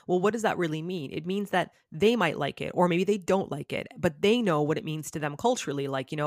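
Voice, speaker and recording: Animated chatty woman, dry close sound. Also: lowish voice, fast, hardly any pauses, no echo. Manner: animated storyteller, says "like" a lot. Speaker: podcast guest. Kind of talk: casual chat.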